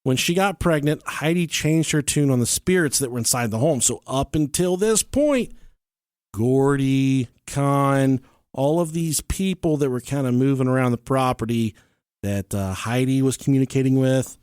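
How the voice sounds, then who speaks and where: Male podcast host, casual storyteller, salty and jokey, mid-pitched voice, dry close sound. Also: moderate pace, darkish tone, clear, resonant tone, no room sound. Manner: profane, joking, laughs often while telling.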